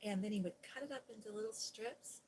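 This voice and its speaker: A woman hosting a soft-spoken ASMR livestream, chatting gently with viewers and recapping a children's story in a sweet, cooing tone. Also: medium pitch, fast talker, slight background noise, low-quality recording. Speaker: ASMR host reading aloud.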